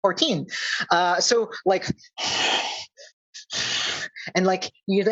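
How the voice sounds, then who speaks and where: Male game master, unhurried, halting narration, casual. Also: high voice, lively intonation, fairly bright tone, highs cut off. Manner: halting, many fillers.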